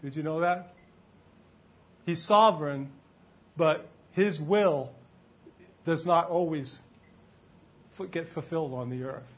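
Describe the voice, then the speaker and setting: A man with a fairly high voice delivers a relaxed, conversational sermon. He keeps tossing questions out to the congregation and waits for their answers. It sounds like a church service in front of a live crowd. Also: slightly rough. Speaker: preacher.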